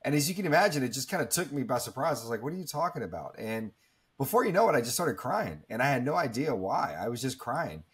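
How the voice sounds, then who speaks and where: A man's voice: mid-range voice, sing-song, fast, husky. A man in his thirties, telling a personal story in an interview in an earnest, reflective way, with many fillers and restarts. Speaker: guest speaker.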